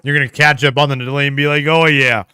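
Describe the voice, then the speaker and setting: Talking rapid-fire in a smooth, medium-pitched voice, a co-host on a casual livestream is heard with no room sound. He responds to viewer comments, relaxed and thinking aloud, with fillers and laughs mixed in.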